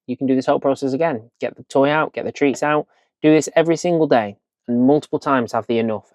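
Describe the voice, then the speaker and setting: A man talks owners through dog training in a chatty, direct coaching manner. His voice sits at a middle pitch and the recording is dry and close, with no room sound. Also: a little mellow, dry recording. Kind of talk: instructional video lesson.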